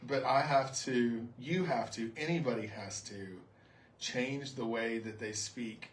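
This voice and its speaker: A man's voice: medium pitch, measured pace, slight background noise. Joking man with a Southern accent. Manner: joking, playful. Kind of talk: casual chat.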